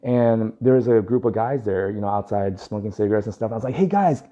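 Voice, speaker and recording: A man's voice: fairly low pitch, flat delivery, fast, warm tone. A young adult man telling a story in casual talk, acting out dialogue and laughing often. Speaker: dog groomer and vlogger. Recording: dull lo-fi recording.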